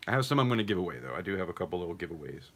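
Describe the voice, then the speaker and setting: Male auction stream host, lower voice, casual bid calling, rambling chat. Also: very animated, racing, fairly bright tone, husky. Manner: chatty, rambling asides between bid calls.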